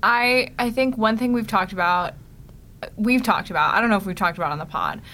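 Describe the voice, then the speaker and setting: A woman's voice: medium pitch, fairly quick, bright, forceful tone, slight background noise. A woman co-hosting a podcast in casual chat, giggly and rambling with many restarts. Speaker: podcast co-host.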